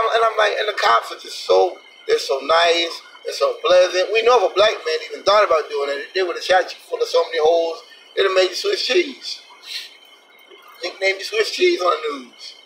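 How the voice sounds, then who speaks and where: High, bright-voiced man ranting indignantly. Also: distant mic, slight background noise, low-quality recording. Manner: emphatic, indignant, profane. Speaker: vlogger, truck driver. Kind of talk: opinion vlog rant.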